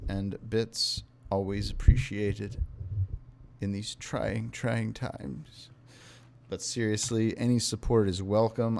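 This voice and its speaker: A tired young man live-streaming, reading viewer messages aloud in a wry, unhurried way. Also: lowish voice, creaky, a little mellow, slight background noise.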